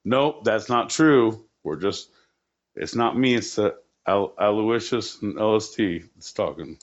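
A man's voice: on the low side, lively intonation, unhurried, highs cut off. A man co-hosting a podcast, joking around in a crude, profane, rambling way. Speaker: podcast co-host. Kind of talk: casual comedic chat.

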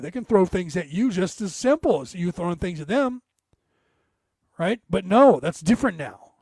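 A man's voice: fairly high pitch, a little mellow, no room sound. A middle-aged American man ranting about politics, sarcastic and mocking. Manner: ranting, sarcastic, mocks opponents in put-on voices. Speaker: commentator. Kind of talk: political rant.

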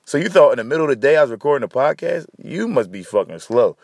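A man's voice: mid-range voice, big pitch swings, fast talker, vocal fry, darkish tone, no room sound, clean studio sound. A man hosting a podcast alone, sleepy and rambling, swearing loosely as he talks. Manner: profane, loose, tired and rambling. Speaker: podcast host. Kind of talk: casual solo rambling monologue.

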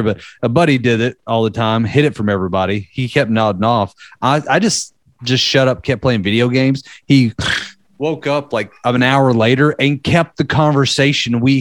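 A man's voice: mid-range voice, no echo. Guy rambling through a story on a podcast, dry close mic. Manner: loose, rambling, lots of fillers. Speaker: podcast host telling a story. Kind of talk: casual storytelling.

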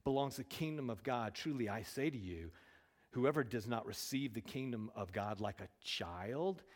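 A man delivers a sermon in an animated way, firing off rhetorical questions and rising in force on key words. His voice sits at an ordinary middle pitch. It rings out with a long hall reverb, as in a church hall. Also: moderate pace. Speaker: pastor.

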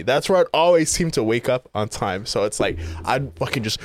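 A man's voice: mid-range voice, expressive, brisk, hardly any pauses, no room sound. A laid-back young man in a casual chat, full of fillers. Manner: laid-back, filler-heavy, says "like" and "bro" a lot.

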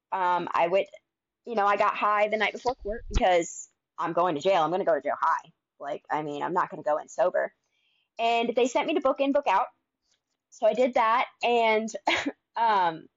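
Animated woman telling her story. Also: medium pitch, no room sound, lo-fi sound. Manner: animated, acts out quoted dialogue. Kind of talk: casual storytelling.

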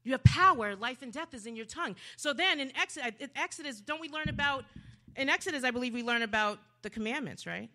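A woman preacher giving a sermon, swinging dramatically from hushed to loud. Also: high voice, quick pace.

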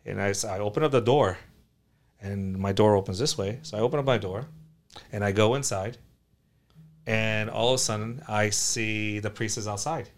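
A man from South Florida, a collectibles store owner, telling a story as a podcast guest with lively acted-out quotes. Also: fairly low pitch, normal speed. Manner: animated, acts out quoted voices loudly.

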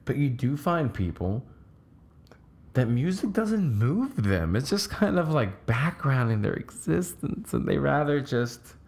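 Lively gravelly-voiced podcast host. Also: male voice, mid-range voice, unhurried. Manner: animated, emphatic, laughs often. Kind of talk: casual podcast chat.

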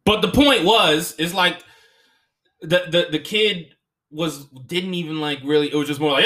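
Young guy on a podcast, bright tense voice, loud swings up into voices, swears a lot. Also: fairly high pitch, moderate pace. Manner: animated storytelling, swears often, jumps into voices. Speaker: podcast host and comedian. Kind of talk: casual chat.

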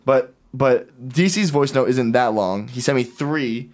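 A man's voice: mid-range voice, unhurried, a little mellow. A man hosting a podcast in casual chat, telling stories animatedly and acting out other people's lines. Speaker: podcast host.

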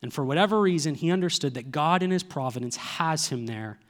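A man's voice: on the high side, animated, fairly quick. A man, preaching a sermon earnestly and asking the listeners rhetorical questions. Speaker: pastor.

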